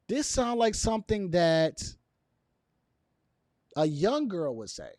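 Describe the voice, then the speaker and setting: A man talking straight to camera in a loose, opinionated commentary, his voice sitting a little high and swinging widely up and down. He hammers his points by saying them twice and laughs softly between lines, and the sound is close and dry with no room around it. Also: very animated, takes it slowly, pauses often, no room sound. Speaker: video commentator.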